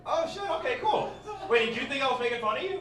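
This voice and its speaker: A man's voice: very high voice, fast. A man performing a stand-up set at a bar, bantering with the crowd and telling stories. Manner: crowd banter, animated storytelling. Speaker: stand-up comic. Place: small bar stage. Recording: echoey bar from far off, loud crowd.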